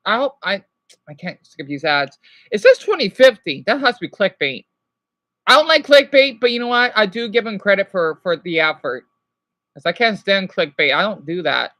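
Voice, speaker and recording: A woman's voice: medium pitch, a bit bright, dry recording. A woman in her thirties chatting casually on a live stream, reacting to a video and greeting viewers by name. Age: 30s.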